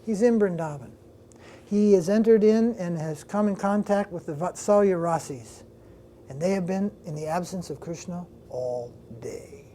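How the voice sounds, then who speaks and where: Speaking at a normal pace in a high, mellow voice, this swami gives a devotional class and tells a story casually, with restarts and asides to the people listening in the lecture room. A little hiss or hum sits under the audio.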